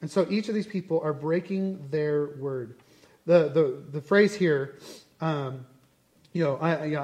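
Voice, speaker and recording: A man teaches scripture in a relaxed, conversational style. He is animated and often drifts into asides. His voice sits fairly high. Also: moderate pace. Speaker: Bible teacher. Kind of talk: casual Bible study teaching.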